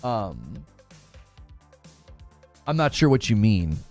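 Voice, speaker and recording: A man's voice: lowish voice, slow, faint music behind. A man hosting a live gaming news stream, chatting casually and reading out chat messages. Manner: casual, talks to chat, thanks donors excitedly.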